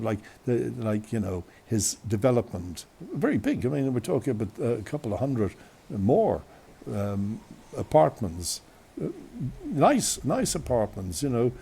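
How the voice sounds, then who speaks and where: Irish man, radio host, gravelly voice, lively up-and-down pitch, digressive storyteller, faint wind behind. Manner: chatty, digressive, many restarts and asides. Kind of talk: rambling anecdotal storytelling. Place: outdoors on a windy day.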